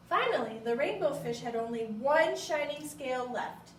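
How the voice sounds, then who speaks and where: A woman hosting a library storytime, reading a picture book aloud with gentle expression. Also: sits high, lively intonation, unhurried, a little hiss or hum. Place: library room. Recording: echoey room, mic far off.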